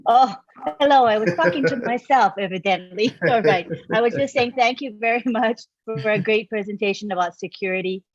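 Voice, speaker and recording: A woman's voice: on the high side, a little fast. Woman moderating a webinar, dull call audio. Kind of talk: hosting an online meeting. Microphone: video call.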